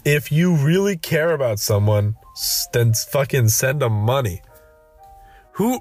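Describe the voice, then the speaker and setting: A young man rambling through a solo podcast at an unhurried crawl, his voice sitting in an ordinary middle pitch. He rants with sardonic, profane deadpan, often stopping to restart his sentences. Faint music hums underneath. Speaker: podcast host.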